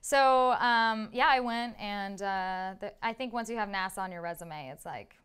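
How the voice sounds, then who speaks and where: A young woman guest in a casual interview, chatty and animated, laughing often as she tells stories. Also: medium pitch, normal speed, clean tone.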